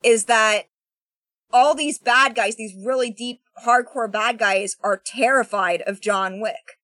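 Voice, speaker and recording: A woman in casual movie discussion on a podcast, animated and acting out lines from the film. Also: on the high side, takes it slowly, no echo. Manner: animated, acts out film dialogue.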